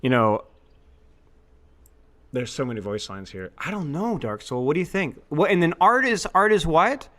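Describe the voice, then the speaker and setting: A man playing a casual gaming quiz as contestant, stammering and mocking himself as he thinks out loud. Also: on the high side, normal speed, long pauses. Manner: stammering, animated, self-mocking.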